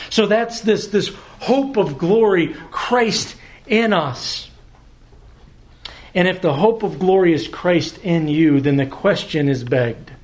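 High-voiced preacher, slow and emphatic. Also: male voice. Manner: slow, emphatic phrasing with repeated words and dramatic pauses. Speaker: pastor. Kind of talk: expository sermon.

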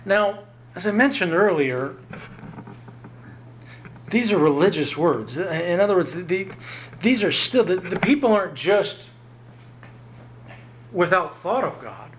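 A man preaching a sermon, emphatic and lively, often jumping up in pitch to drive home a point. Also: slow pace, long pauses, a little hiss or hum. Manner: emphatic, rises sharply in pitch to stress points. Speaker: pastor.

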